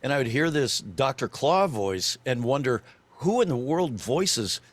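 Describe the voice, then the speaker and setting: An older man, a voice actor guest on a podcast, telling an animated story with lots of restarts and fillers. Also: mid-range voice, unhurried.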